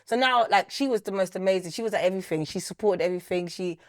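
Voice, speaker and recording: A woman from the United Kingdom, a singer, chatting as a guest in a podcast interview with animated storytelling. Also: mid-range voice, fast talker, no echo, clean studio sound. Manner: animated storytelling, acting out quotes. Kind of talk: casual interview chat.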